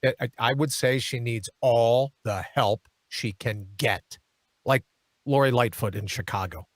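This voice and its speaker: A man's voice: mid-range voice, a little slow, dry recording. A man hosting a political talk show in a studio, delivering an emphatic monologue full of hammering rhetorical questions and mocking asides.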